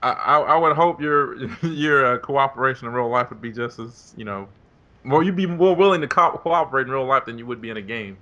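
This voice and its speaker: Young man, lively pitch, bright, stammers, laughing, podcast chat. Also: brisk, dull audio. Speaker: podcast co-host. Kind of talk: casual gaming chat.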